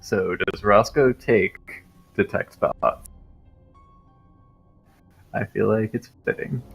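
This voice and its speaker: A man's voice: on the low side, slow pace, creaky, husky, soft background music. A man chatting as a player in a tabletop game, explaining rules and laughing easily. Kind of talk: casual chat at a tabletop game.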